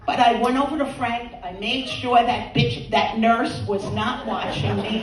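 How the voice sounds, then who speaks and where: A woman's voice: fairly high pitch, fairly even intonation, moderate pace, few pauses, over music. A woman doing a bawdy stand-up routine, teasing the audience and laughing at her own jokes. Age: 80s. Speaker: stand-up comedian. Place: comedy stage before a live audience. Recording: roomy, distant stage sound.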